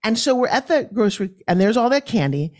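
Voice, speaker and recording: This is a woman in her fifties speaking as a guest on an interview show. She talks in an animated, storytelling way, jumping up and down in pitch as she voices the people in her anecdotes. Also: fast talker. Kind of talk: conversational storytelling.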